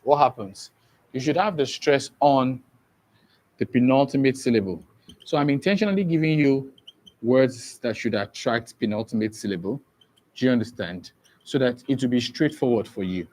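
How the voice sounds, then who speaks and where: A man's voice: medium pitch, lively intonation, darkish tone, low-quality recording. A man teaching an exam-prep lesson. He spells words out letter by letter and keeps asking whether the class understands. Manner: slow and deliberate, spells words letter by letter and often checks understanding. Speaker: English teacher.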